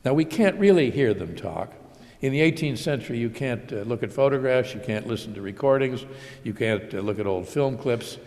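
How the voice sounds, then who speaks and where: An older American man giving a public lecture at a measured pace, building emphasis through repeated phrases. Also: mid-range voice, expressive, darkish tone. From United States. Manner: measured, slow emphatic delivery with repetitions. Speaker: guest lecturer. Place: large auditorium. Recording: long hall reverb.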